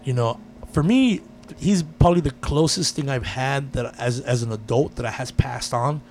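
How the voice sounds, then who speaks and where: A man in casual chat, telling a personal story with lively energy and frequent swearing. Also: mid-range voice, normal speed, slight background noise. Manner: animated storyteller, swears freely.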